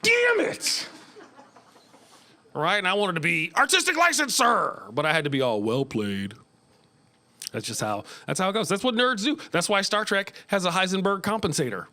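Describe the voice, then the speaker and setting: Man, middle-aged, American, stand-up comedian, bright, lively pitch, small club stage. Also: fast, hardly any pauses. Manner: animated, jumps into high squeaky voices for kids. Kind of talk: stand-up set.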